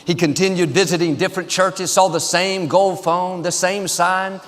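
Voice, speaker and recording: A pastor opens his sermon by warming up the congregation with jokes, his fairly high, steady voice delivering upbeat humor with well-timed pauses. He is recorded live in a large church auditorium where the sound rings with a long reverb.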